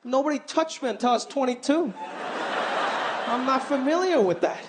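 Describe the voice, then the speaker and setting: Male stand-up comedian, high voice, animated delivery, live crowd laughter, background noise. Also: moderate pace. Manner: animated, shifts between impressions.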